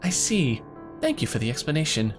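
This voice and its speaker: A man's voice: on the high side, huge pitch swings, fairly quick, over music. A man voicing a formal, polished young male scholar in a game cutscene. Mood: earnest.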